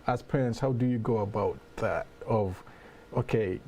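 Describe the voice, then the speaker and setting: A man's voice: lowish voice, moderate pace, darkish tone. A man hosting an interview. He hesitates and repeats words as he frames his questions. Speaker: host.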